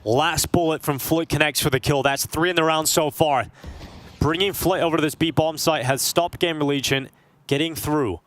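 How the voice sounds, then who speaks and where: A man calling esports play-by-play, his voice climbing in pitch and volume when a big play lands. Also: normal speed, a bit bright. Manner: rises sharply in pitch and volume at big plays. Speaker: esports commentator. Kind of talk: play-by-play commentary.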